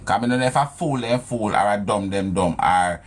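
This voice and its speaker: A man's voice: on the low side, normal speed. A man with a Jamaican accent giving casual commentary on an interview clip, scornful and mocking, full of rhetorical questions.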